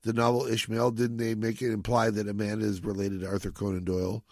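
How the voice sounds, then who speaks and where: A man hosting a casual podcast, talking through a film in a rambling, animated way and acting out quoted lines. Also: fairly low pitch, fast, no echo. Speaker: podcast host.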